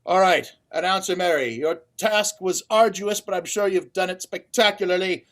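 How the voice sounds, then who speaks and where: A man refereeing an online improv comedy match, chatty and quick to rule on the jokes, speaking over a video call. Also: high voice, a bit bright. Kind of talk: casual show hosting.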